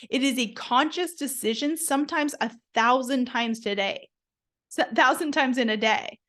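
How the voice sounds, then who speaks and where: A woman's voice: on the high side, fairly bright tone. A woman hosting a motivational solo podcast, talking bluntly and emphatically and swearing freely. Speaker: podcast host.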